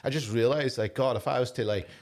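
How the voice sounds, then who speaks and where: A man from Donegal with a Donegal Irish accent, a comedian co-hosting a podcast and telling gig stories in a sweary, animated way. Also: mid-range voice. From Lifford, County Donegal, Ireland. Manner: sweary, animated storytelling, quick laughs. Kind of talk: casual comedy chat.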